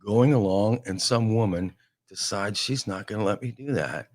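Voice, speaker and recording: A man telling a casual, animated comic story on a talk show, full of exasperation. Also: lowish voice, moderate pace.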